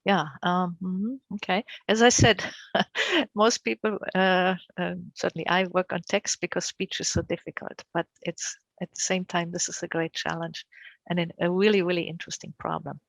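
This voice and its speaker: Older woman with a gravelly voice, dry sound. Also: lowish voice, steady tone, normal speed, no echo, rough recording. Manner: warm, encouraging, many fillers. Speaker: invited speaker answering questions. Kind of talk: academic Q&A.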